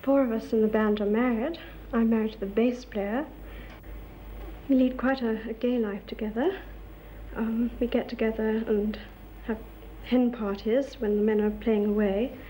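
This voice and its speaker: A woman married to a jazz bassist speaks fondly and plainly in a documentary interview. Her voice is fairly high and mellow, with a faint hiss. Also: fairly even intonation, normal speed, poor audio. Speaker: musician's wife.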